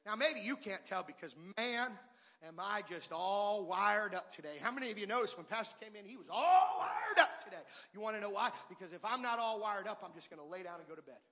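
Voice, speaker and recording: A pastor preaching a Pentecostal sermon, dropping from quiet talk into shouted, sing-song preaching. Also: male voice, high voice, lively intonation, brisk. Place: large church hall. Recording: long church hall reverb.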